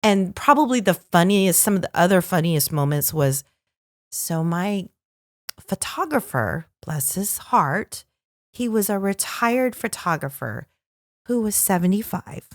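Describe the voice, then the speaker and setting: A woman telling a story in a relaxed podcast chat, her pitch leaping up and down as she acts out what people said. The sound is close and dry, with no room around it. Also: unhurried, no room sound. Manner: animated, lively storyteller who acts out quotes. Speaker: podcast co-host.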